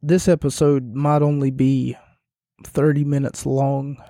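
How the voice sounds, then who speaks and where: Slow, hoarse monotone man. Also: medium pitch, no echo, studio quality. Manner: monotone delivery. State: losing his voice, hoarse. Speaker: podcast host. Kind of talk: casual solo podcast review.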